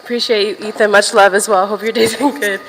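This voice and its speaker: A woman's voice: medium pitch, level tone, fairly quick, long reverb tail, a little hiss or hum, rough recording. A young woman livestreaming from a gym while walking on a stair machine, chatting casually to viewers, a little out of breath and swearing now and then.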